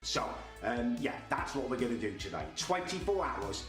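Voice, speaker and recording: A man's voice: medium pitch, big pitch swings, normal speed, a bit bright, faint music behind. A young man ranting in a comic vlog monologue, stumbling over repeated words. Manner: ranting, stammering repetitions. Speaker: comedy video creator.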